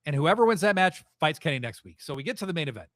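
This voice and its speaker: A man hosting a live wrestling podcast, recapping events in a rambling, excitable, profane way. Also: fairly high pitch, fast talker, dry recording. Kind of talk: casual live show recap.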